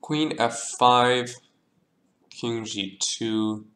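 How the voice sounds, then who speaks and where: A man's voice: mid-range voice, fairly bright tone, a little hiss or hum. A man thinking aloud as he works through chess moves, muttering and mocking himself, with a cough now and then. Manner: slow, muttering, self-deprecating. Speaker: chess streamer analyzing a position.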